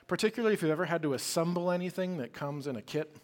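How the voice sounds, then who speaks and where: A man's voice: a little high, animated, very fast. A man preaching a sermon as pastor, conversational and emphatic, with rhetorical questions.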